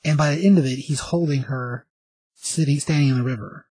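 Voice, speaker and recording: A man rambling through a comic book recap, stacking up fillers and restarting his sentences. His voice is husky and a little rough. The sound is dry and close, with no room echo. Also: on the high side, brisk, warm tone.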